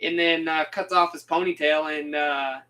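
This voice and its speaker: A young man rambles through a casual game recap, animated and quick to laugh. His voice sits high and bright. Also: low-quality recording. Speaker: gaming video host.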